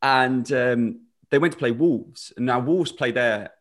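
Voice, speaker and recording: A man's voice: medium pitch, unhurried. A young man telling rambling, jokey anecdotes in a casual podcast chat. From England.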